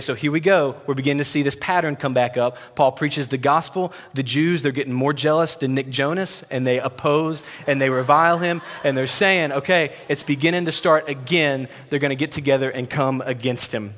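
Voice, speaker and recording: A man's voice: medium pitch, fairly bright tone. A man preaching a sermon, conversational and emphatic as he retells scripture. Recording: long reverb of a large hall.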